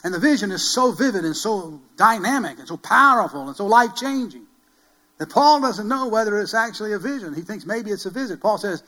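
In a rough recording, a man preaches a sermon as pastor, his voice sitting high with lively intonation and a quick pace. He questions the congregation and repeats key phrases with rising force, building emphatically to loud calls.

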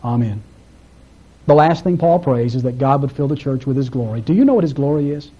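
A man's voice: animated, fairly quick, dark tone, husky, lo-fi sound. A man preaching a sermon in a church, telling a story and lifting his voice when he quotes someone. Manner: storytelling, rising in pitch when quoting. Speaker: pastor.

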